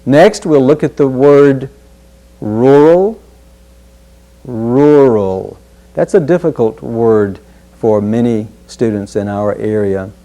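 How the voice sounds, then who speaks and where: A man teaching a pronunciation drill, saying each key word slowly and deliberately and repeating it for students. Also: medium pitch, fairly even intonation, mellow. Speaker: speech instructor.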